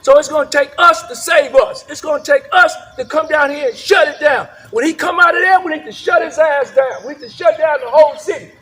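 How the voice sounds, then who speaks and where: Fiery high-voiced man at a rally. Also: brisk, hardly any pauses, pushed and bright. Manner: fiery, repetitive, keeps asking "right?". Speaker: protest speaker. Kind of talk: rally speech. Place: outdoors at a rally.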